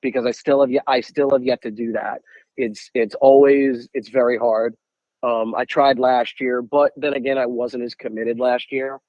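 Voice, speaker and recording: A young man from the United States tells stories in an easy, animated way, often slipping into the voices of the people he quotes. His voice sits at an average pitch. The recording is dry and a little muffled. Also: moderate pace, no room sound. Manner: animated, acts out quotes, many repeated "I'm like". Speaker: podcast guest, angler. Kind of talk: casual storytelling.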